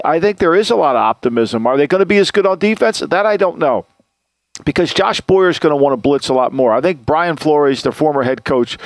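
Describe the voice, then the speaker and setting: A man's voice: fairly high pitch, dry recording. A man hosting a sports podcast, talking football in a blunt, opinionated way with many restarts. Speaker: podcast host, football analyst. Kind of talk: casual sports talk.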